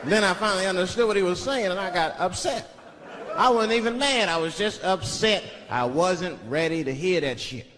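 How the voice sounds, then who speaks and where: A man performing a stand-up comedy set, telling stories and shouting out the voices of other people. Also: sits high, moderate pace. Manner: animated storytelling, shouting impressions of others. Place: large live venue with audience. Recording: reverberant live hall recording with crowd laughter. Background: audience laughter.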